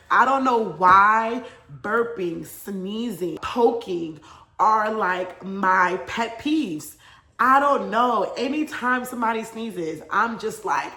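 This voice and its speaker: Bright-voiced woman chatting in an echoey room. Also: mid-range voice. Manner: chatty and animated, laughs often. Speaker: vlogger. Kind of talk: casual storytime chat.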